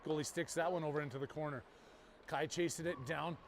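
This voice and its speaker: Man, hockey play-by-play, high voice, joking banter, faint background noise. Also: steady tone. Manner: rapid play-by-play with jokey banter. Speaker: play-by-play commentator. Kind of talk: live youth hockey commentary.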